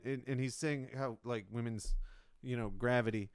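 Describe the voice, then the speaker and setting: Rambling man with a crisp, dry voice. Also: mid-range voice, fairly even intonation, moderate pace, no room sound. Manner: rambling, self-mocking, many restarts. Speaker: comedian, podcast host. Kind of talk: solo rambling podcast monologue.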